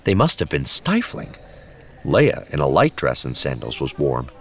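A man narrating an audiobook in a measured, expressive way. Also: extremely low pitch, breathy edge. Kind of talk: scripted narration.

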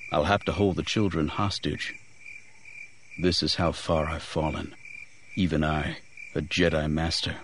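A man giving measured, grave first-person audiobook narration. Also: low voice, slight background noise.

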